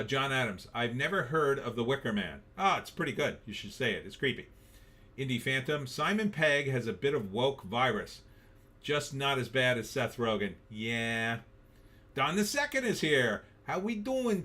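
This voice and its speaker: A man's voice: mid-range voice, fairly bright tone. A middle-aged man hosting a casual live stream, reading viewer comments aloud and riffing on them in a wry, offhand way.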